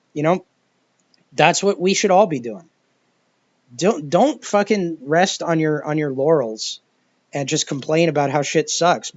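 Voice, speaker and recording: A man's voice: fairly high pitch, no echo. A man giving a profane, rambling commentary rant, exasperated and full of restarts. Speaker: video commentator. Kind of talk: ranting commentary monologue. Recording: dull lo-fi dry recording.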